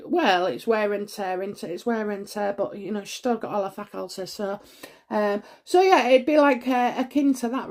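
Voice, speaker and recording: A woman's voice: a little high, a little mellow. A woman, talking through a tarot reading in a rambling, hesitant way full of fillers and sudden gasps. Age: 40s. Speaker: tarot reader. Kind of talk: solo tarot reading vlog.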